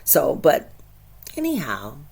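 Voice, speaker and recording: A woman hosting her own spiritual channel, talking casually and with feeling, laughing often and swinging from soft to loud. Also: low-pitched, huge pitch swings, takes it slowly, gravelly, breathy edge. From Michigan. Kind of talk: casual inspirational monologue.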